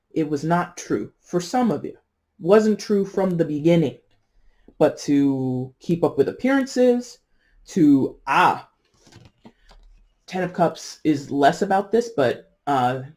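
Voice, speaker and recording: A tarot reader talks through a spread in a warm, mellow voice. The delivery is loose and chatty, full of "you know"s and side remarks, with laughter at their own jokes. Important words are drawn out slowly for stress. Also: medium pitch. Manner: chatty and digressive, with frequent asides and "you know". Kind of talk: casual tarot reading monologue.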